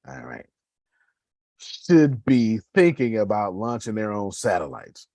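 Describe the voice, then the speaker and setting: A man's voice: lowish voice, takes it slowly, pauses often, a little mellow, no room sound. A man running a casual motivational talk about his business, speaking straight to listeners and rambling through his points. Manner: conversational, addresses listeners as y'all, rambling with restarts.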